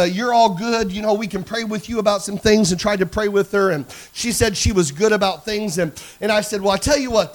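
A man with a high voice preaching a sermon in a church. He tells his story quietly, then rises to loud shouted preaching and calls out to the congregation. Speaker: pastor. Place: church sanctuary.

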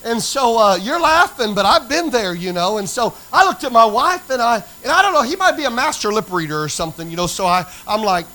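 High-pitched preacher telling a story. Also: male voice, sing-song, fairly quick, few pauses, pushed and bright, poor audio. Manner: storytelling preacher, folksy and emphatic. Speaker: pastor. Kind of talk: sermon. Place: church sanctuary.

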